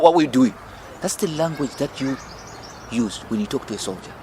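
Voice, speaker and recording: A man's voice: medium pitch, expressive, brisk, a little mellow, slight background noise. A middle-aged Zimbabwean man with a Zimbabwean accent, a political campaign leader giving a fiery, emphatic, rhetorical interview. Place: outdoor restaurant in city gardens.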